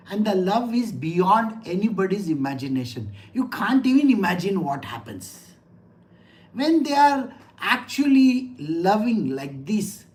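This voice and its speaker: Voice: mid-range voice, darkish tone. A middle-aged spiritual teacher gives a conversational scripture lecture, asking listeners rhetorical questions and telling personal anecdotes.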